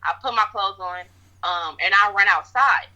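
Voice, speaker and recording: A woman's voice: mid-range voice, moderate pace, pushed and bright. A woman telling a story in a casual interview, rambling with lots of fillers. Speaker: interviewee recounting events. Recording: dull lo-fi audio.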